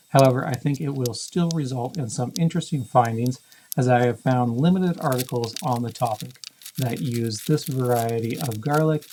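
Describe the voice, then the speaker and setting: Man reading a calm voice-over. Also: medium pitch, slight background noise, rough recording. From Canada. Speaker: backyard farming channel host. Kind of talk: scripted voice-over narration.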